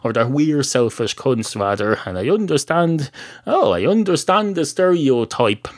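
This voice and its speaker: A man's voice: medium pitch, animated, unhurried, pitched above the performer's own voice, close to an everyday voice. A man doing a pompous talking cat. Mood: lofty. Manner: fussy, pedantic, lofty.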